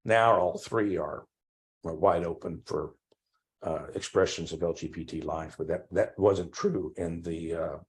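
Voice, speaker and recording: An older man from Texas, a priest, telling his life story in an oral history interview and acting out old conversations with lively, halting speech. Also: sits low. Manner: animated storytelling, acts out remembered dialogue; frequent restarts and ums.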